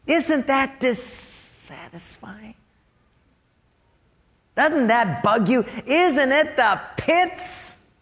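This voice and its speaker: A sly serpent-devil drawls out his temptations slowly, coaxing and taunting, as a preacher puts him on. The voice swoops high and low with lively pitch. It sounds like a storyteller's sermon voice. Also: creaky, full character voice.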